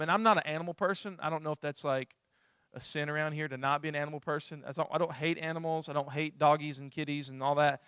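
A man preaching a sermon, telling a personal story in an animated, self-mocking way. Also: fairly high pitch, smooth, dry recording, clean studio sound. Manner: animated storytelling, acts out his own reactions. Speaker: pastor.

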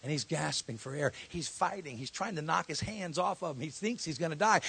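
A man preaching a sermon, telling a story and then building to loud, shouted exhortation before a church congregation. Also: fairly high pitch, animated, fairly quick, vocal fry, hardly any pauses, husky, dry recording. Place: church hall.

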